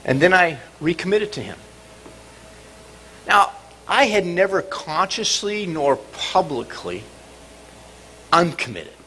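A middle-aged man preaching a sermon in church, dramatic and expressive, sometimes acting out cries and shouts. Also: high voice, takes it slowly, pauses often, slight background noise. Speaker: pastor. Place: church sanctuary.

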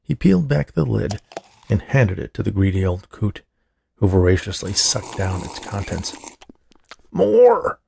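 A man reading a horror story aloud as narrator, steady and measured, with a husky, creaky voice. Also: deep voice, slight background noise. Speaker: audiobook narrator.

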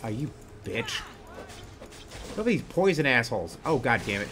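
Very animated, with a mid-range voice and a fairly bright tone, a gaming streamer comments on his let's play, with a little hiss or hum in the background. Laid-back joking gives way to quick rage as he curses furiously at the enemies.

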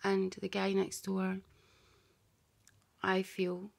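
A woman's voice: medium pitch, completely flat delivery, drawn-out words, vocal fry. A woman talking in a meandering, confiding monologue, often dropping to a whisper and voicing both sides of an imagined conversation. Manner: hushed, often drops to a whisper. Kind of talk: rambling spoken monologue to camera.

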